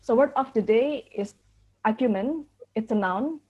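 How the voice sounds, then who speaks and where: A woman's voice: on the high side, unhurried, husky. A woman hosting an online club meeting over a video call, speaking hesitantly and often repeating words. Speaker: meeting host. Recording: dull video call audio.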